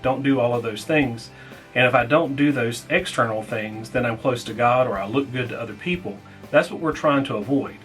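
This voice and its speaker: A man's voice: medium pitch, a bit bright, low-quality recording. Plainspoken male pastor teaching a lesson. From United States. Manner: plainspoken, repeats key lines slowly for note-taking. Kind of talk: small group Bible lesson.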